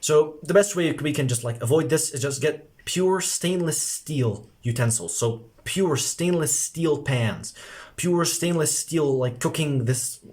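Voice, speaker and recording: A young man at a middle pitch delivers a loose coaching monologue to camera. He rambles, packs his sentences with filler words and swears offhandedly, calling the listener "bro". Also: darkish tone. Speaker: self-improvement coach.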